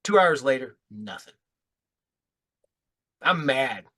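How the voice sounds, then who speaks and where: A man's voice: medium pitch, lively intonation, slow, pushed and bright. A middle-aged man telling a laid-back, profane anecdote in a casual podcast chat.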